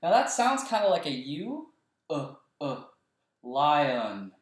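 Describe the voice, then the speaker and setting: A male kindergarten teacher leading a writing lesson for young children, slowly sounding out words letter by letter. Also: high-pitched, sing-song. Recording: roomy echo, voice a bit far from the mic.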